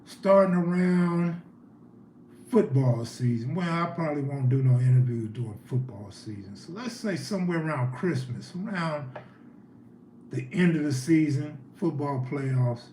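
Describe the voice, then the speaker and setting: A man with a fairly high, mellow voice speaks animatedly at a measured pace while hosting a relaxed livestream. He keeps the talk conversational and reacts to viewers' comments. The echoey room has faint background noise.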